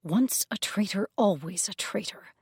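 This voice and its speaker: A woman narrator doing a menacing male Cyclops who hisses his words in a low, breathy whisper, quiet and slow. Dry, close audiobook recording. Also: expressive, dry recording, heavily acted. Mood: hostile. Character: Antony, hostile male Cyclops driver, menacing. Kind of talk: audiobook character voice.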